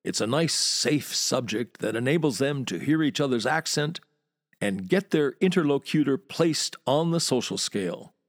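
A man's voice: mid-range voice, normal speed, no echo, clean studio sound. An American man hosting a podcast, reading a wry, word-loving monologue. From United States. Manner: wry, relishing words, lively storyteller. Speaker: podcast host and walking tour guide.

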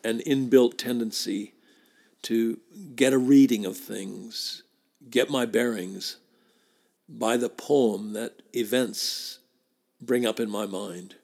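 A man hosting a podcast, giving a spoken tribute and reading letters aloud in a measured way with emphatic repetitions. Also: mid-range voice, fairly even intonation, creaky, a little mellow. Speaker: podcast host.

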